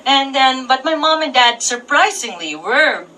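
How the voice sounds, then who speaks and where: A woman from the Philippines doing a stand-up comedy set on a club stage, dropping deadpan punchlines and laughing at her own jokes. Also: high-pitched, measured pace. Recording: distant mic with audible noise.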